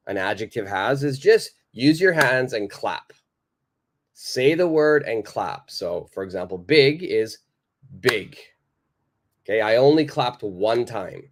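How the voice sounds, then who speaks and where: Man, English teacher, live online lesson, slow pace, middle pitch, patient, repeats questions.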